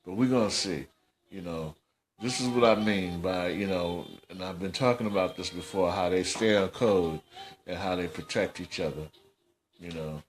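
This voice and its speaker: A man's voice: deep voice, moderate pace. A man hosting a casual commentary podcast, scolding in slangy, repetitive talk. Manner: scolding, slangy, repeats himself. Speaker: host.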